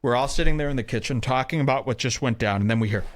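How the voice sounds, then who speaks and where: A man hosting a talk show, telling a wild story in an excitable, profane way and acting out the quotes. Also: rapid-fire, very noisy. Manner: excitable, profane, acts out quotes with big pitch jumps. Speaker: podcast host. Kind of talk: animated storytelling.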